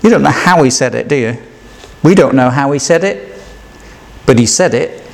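A man's voice: medium pitch, expressive, moderate pace, creaky. A man giving a sermon in a conversational way, asking rhetorical questions and acting out the quoted lines. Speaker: preacher.

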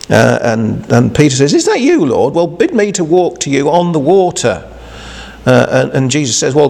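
Gravelly-voiced man preaching a homely sermon. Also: medium pitch, darkish tone. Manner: halting, conversational, with many restarts and rhetorical questions. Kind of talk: informal devotional sermon.

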